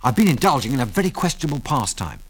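A man voicing a young male pilot sidekick who talks abruptly and briskly. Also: medium pitch, very animated, breathy edge, voice pushed up.

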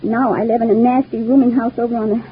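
An actress playing a clingy, lovesick young widow in a 1940s radio soap, talking in a gushing, wistful and intense way. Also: female voice, fairly high pitch, fairly even intonation, quick pace, slight background noise, natural voice. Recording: tinny old radio broadcast.

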